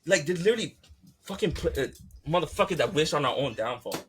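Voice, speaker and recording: A man's voice: fairly high pitch, lively intonation, quick pace, background noise. A man hosting a podcast, ranting in a fired-up, profane, repetitive way. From United States. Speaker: podcast host. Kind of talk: heated casual rant.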